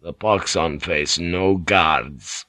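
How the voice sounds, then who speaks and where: A man doing a gruff, curt captain general. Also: extremely slow, bright, forceful tone, dry recording, clean studio sound, exaggerated voice. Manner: curt, gruff low retorts. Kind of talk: audiobook character reading.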